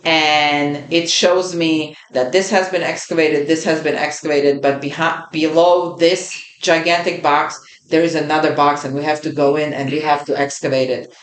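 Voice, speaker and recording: Woman podcast host, lowish pitch, earnest personal storyteller who repeats key phrases, roomy sound. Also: steady tone, normal speed, hardly any pauses. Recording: roomy echo.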